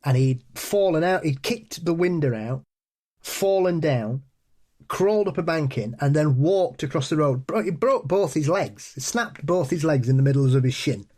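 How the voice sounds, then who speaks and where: A man's voice: on the high side, animated, normal speed, darkish tone. A middle-aged man, recounting a personal ghost story in a rambling, casual way, often restarting sentences and laughing at himself. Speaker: storyteller guest.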